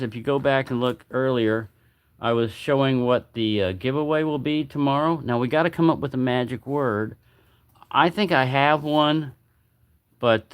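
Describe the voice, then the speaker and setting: A man's voice: mid-range voice, clean tone, no echo. A man hosting a casual livestream, chatting in a rambling way and often repeating himself. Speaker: knife channel host.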